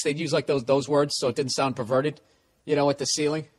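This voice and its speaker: Comedy podcast host, male, highish voice, profane and animated, reads letters then riffs. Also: fairly quick, breathy edge. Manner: profane, animated, reading listener letters aloud. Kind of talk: casual comedy podcast rant.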